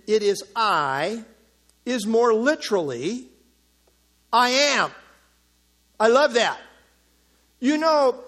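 A man preaching an expository sermon, explaining verse by verse and joking with his listeners. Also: high voice. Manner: animated, jokes with the listeners. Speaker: pastor.

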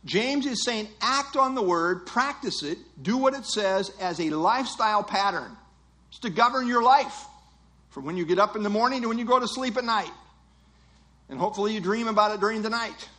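Male preacher, higher-pitched, emphatic sermon delivery. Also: moderate pace, bright, forceful tone. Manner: earnest, emphatic teaching with rhetorical quotes.

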